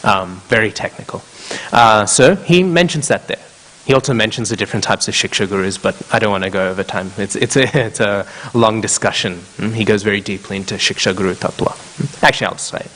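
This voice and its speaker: A man's voice: on the low side, a little fast, a bit bright. A man giving a scripture class and telling a story from it, checking in with his listeners with a frequent questioning "hmm?". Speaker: temple class speaker. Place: temple hall. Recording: long echo of a temple hall.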